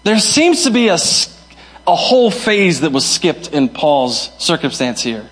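A man preaches as a pastor, a little slowly and with big swings in pitch. He jumps between sudden loud, high cries and soft, low remarks, acting out the voices of those he quotes.

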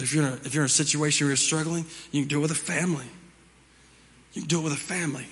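A man's voice: a little high, fairly even intonation, racing, a bit bright. A male pastor preaching a sermon in a conversational way, repeating phrases for emphasis. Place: church hall. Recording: reverberant hall with music behind.

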